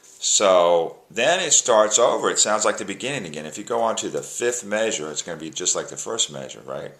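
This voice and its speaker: A man's voice: sits low, lively intonation, a little fast. A man giving a casual instrument lesson, counting beats aloud and breaking the tune into phrases. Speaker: music teacher. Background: plucked string instrument playing.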